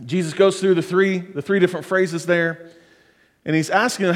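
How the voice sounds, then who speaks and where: A man's voice: high voice, steady tone, moderate pace. A middle-aged man preaching a sermon as pastor, earnest and building to fervent exhortation. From United States. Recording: long hall reverb.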